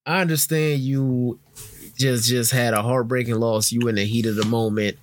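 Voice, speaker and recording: A man's voice: mid-range voice, fairly even intonation, normal speed, a little hiss or hum. A man co-hosting a casual sports podcast, talking in a laid-back, reflective way. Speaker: podcast co-host.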